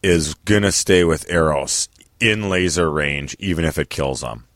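Man, deep-voiced co-host, easygoing, dry close recording. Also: measured pace, a bit bright, no room sound. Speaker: podcast co-host. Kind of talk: casual TV recap chat.

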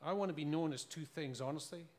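Scottish male preacher, earnest storyteller, slightly higher voice. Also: fast, a little mellow. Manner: earnest, storytelling, with rhetorical questions and laughs. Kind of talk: sermon.

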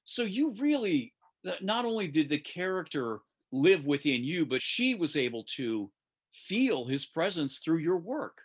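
A man's voice: on the high side, very animated, measured pace, slightly rough. A man hosting an interview, asking questions with enthusiastic, encouraging reactions. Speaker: interview host.

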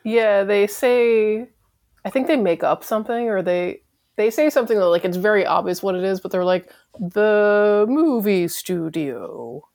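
A woman's voice: mid-range voice, normal speed, darkish tone. A woman co-hosting a podcast in casual chat, opinionated with dry asides. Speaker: podcast co-host.

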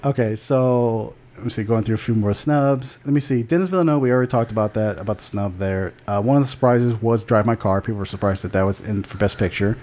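A man's voice: lowish voice, fast talker, few pauses, a little mellow. A man co-hosting a podcast, chatting casually and bluntly about film award nominations, with lots of restarts and casual swearing. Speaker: podcast co-host.

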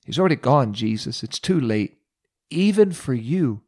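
Martha, a grieving woman of deep faith, earnest and pleading, as a preacher puts her on in his own middle-pitched voice. She speaks in short, heartfelt lines of a retold Bible story. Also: expressive, normal speed, close to an everyday voice. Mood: worried.

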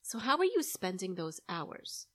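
A woman's voice: medium pitch, big pitch swings, a little slow, bright, forceful tone. Middle-aged female host, direct coaching talk with frequent "right?" checks. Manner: coaching, keeps asking "right?". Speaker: podcast host, money coach. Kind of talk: solo podcast advice talk.

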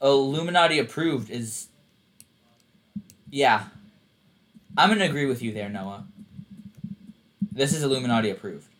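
A man co-hosting a casual conspiracy-themed podcast, rambling and halting with plenty of fillers. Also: medium pitch, fairly bright tone, a little hiss or hum. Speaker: podcast co-host.

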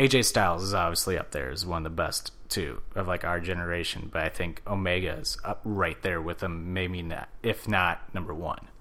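Brief: male co-host, casual chat, excitable, bright forceful voice. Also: low voice. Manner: excitable, acts out quotes loudly.

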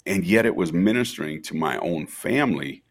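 A man's voice: sits low, normal speed. A middle-aged man from Minnesota, a festival founder telling stories as a podcast guest and acting out the dialogue. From Minnesota, USA. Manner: animated storyteller, acts out quoted dialogue. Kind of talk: storytelling interview.

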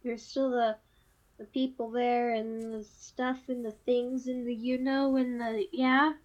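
A woman's voice: fairly high pitch, level tone, a little slow, highs cut off. A woman co-hosting a podcast, chatting in a playful, joking, hyperbolic way. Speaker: podcast co-host. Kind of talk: casual chat.

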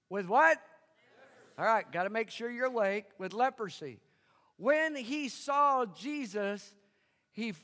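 A man's voice: extremely high pitch, a bit bright. A man preaching a sermon as pastor, emphatic and calling out for his congregation to answer back. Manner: emphatic, engages congregation with call-and-response. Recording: long hall reverb.

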